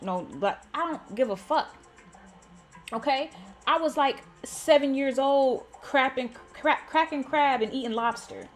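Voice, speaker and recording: A woman in her thirties hosting a gaming channel, telling a story in a blunt, animated way and swearing freely. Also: on the high side. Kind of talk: casual storytime chat.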